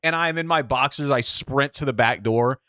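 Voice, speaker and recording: A young man from the Midwest telling a story on a podcast in a casual, animated way, swearing freely and acting out what people said. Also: medium pitch, moderate pace, dry recording, studio quality. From Midwest United States. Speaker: podcast co-host.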